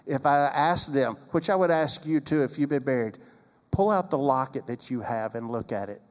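Male pastor with a slightly high voice and an emphatic, sarcastic delivery, recorded with long reverb. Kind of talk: preaching-style talk on marriage.

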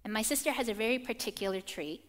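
A young adult woman preaching a sermon, telling personal stories in an animated way and acting out quotes. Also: a little high, fast talker. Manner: animated storytelling, acts out quotes. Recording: long reverb of a church hall.

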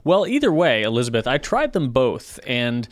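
A man's voice: medium pitch, wildly swooping pitch, normal speed, no echo. A man co-hosting a casual podcast, speaking earnestly and precisely, often restarting phrases. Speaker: podcast co-host.

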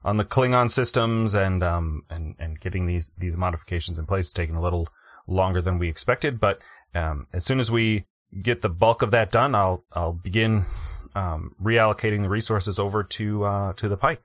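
A man with a lowish voice speaks as a deferential officer in a tabletop game, stumbling through fillers and restarts. The sound is dry and close. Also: normal speed, dry recording. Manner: hesitant, full of fillers and restarts. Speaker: player voicing an officer. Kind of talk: tabletop role-play.

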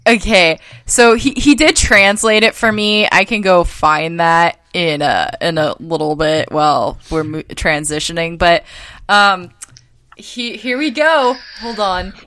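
A woman's voice: lowish voice, expressive, a little slow, a bit bright, no room sound. Giggly, rambling woman co-host. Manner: rambling, self-conscious, giggly. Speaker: podcast co-host. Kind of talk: casual chat.

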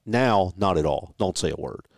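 Casting: low-voiced male co-host, anecdotal, easy laugh, dry studio sound. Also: lively intonation, moderate pace, no room sound. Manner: storytelling, self-correcting, laughs easily. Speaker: sports talk co-host. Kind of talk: casual sports chat.

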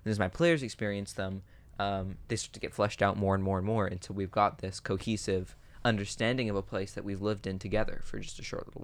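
A man's voice: lowish voice, no echo. A man chatting casually about building fantasy worlds for tabletop games, musing with lots of fillers and restarts. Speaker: podcast co-host.

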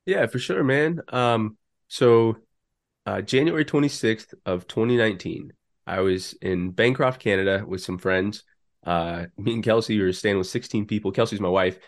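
A man's voice: on the low side, normal speed. Laid-back man telling his story. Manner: relaxed, filler-heavy storytelling. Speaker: podcast guest, business co-founder. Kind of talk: casual storytelling interview.

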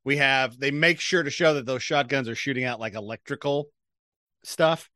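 Bright-voiced joking podcast man. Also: medium pitch, normal speed, no room sound, studio quality. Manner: jokey, recaps plot with fillers and restarts. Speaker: podcast co-host. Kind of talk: casual movie recap chat.

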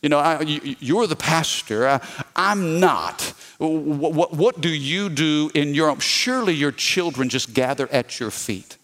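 A man, lively and calling for amens. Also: on the high side, unhurried. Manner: lively preaching with call-and-response. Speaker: pastor. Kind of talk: sermon.

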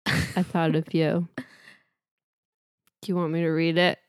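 A woman's voice: sits low, flat delivery, slow, smooth, no echo, clean studio sound. A woman co-hosting a casual chat about crossword puzzles, teasing and giggling through her sentences. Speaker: podcast co-host.

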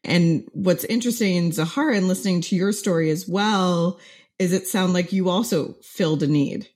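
A woman's voice: on the low side, moderate pace, darkish tone, slightly rough. A woman hosting an interview and asking a guest thoughtful questions. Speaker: podcast host.

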